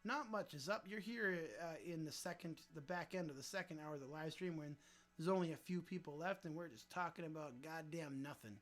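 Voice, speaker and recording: A man's voice: on the high side, a little fast, a bit bright. A man hosting a casual livestream, joking around and answering viewer chat aloud, with some swearing. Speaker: livestream host.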